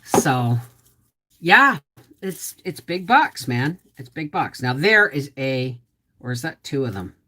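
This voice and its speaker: A woman's voice: rumbling low, very animated, slow pace, sharp tone. A middle-aged woman hosting a casual homestead livestream, rambling chattily and greeting viewers by name, her voice a little off. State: voice slightly off.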